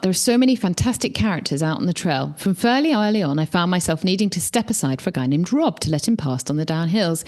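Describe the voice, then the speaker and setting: A woman co-hosting a podcast, reading a listener's letter aloud in an animated way and breaking into laughter now and then. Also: lowish voice. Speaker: podcast co-host.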